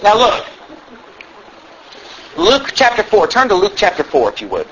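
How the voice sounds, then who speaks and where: A male pastor preaches with a high, bright voice, pressing each point and repeating it. He throws questions at his listeners as he goes. The recording sounds dull, with faint hiss underneath. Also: huge pitch swings, measured pace. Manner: emphatic, repetitive, rhetorical questions to the congregation. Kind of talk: sermon.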